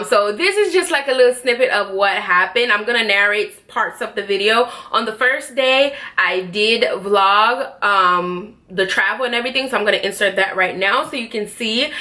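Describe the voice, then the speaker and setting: A woman's voice: mid-range voice, pushed and bright. A young woman narrating her travel vlog in a chatty, casual way, full of "like" and "y'all". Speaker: vlogger.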